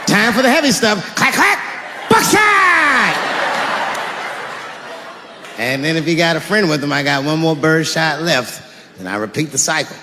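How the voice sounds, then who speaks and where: A man performing a stand-up comedy set on stage, telling a story with animated delivery and shouted punchlines. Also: fairly high pitch, brisk, over a noisy crowd. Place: comedy stage, live audience. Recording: reverberant live venue with audience noise.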